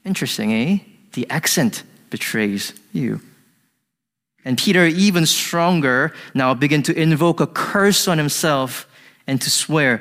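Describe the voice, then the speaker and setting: A man's voice: mid-range voice, unhurried, fairly bright tone. A man giving an earnest, emphatic sermon to a congregation, with slightly non-native phrasing. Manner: earnest, emphatic teaching with rising intensity on quotes. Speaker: pastor. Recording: long hall reverb.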